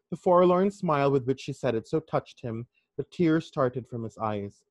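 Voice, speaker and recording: A man's voice: medium pitch, animated, moderate pace, few pauses, dry recording. Chatty man. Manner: chatty, enthusiastic asides, mixes in local words. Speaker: book reader. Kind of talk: casual book reading with commentary.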